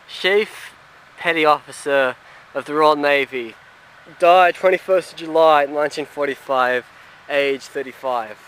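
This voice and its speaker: A man on a walking tour of a cemetery, reading out names and inscriptions haltingly with many pauses and fillers. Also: on the high side, fairly bright tone. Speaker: travel vlogger. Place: outdoor cemetery.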